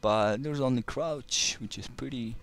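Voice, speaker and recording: A man's voice: mid-range voice, a little slow. A man casually commenting while playing a shooter game, rambling and often restarting words. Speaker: let's play commentator.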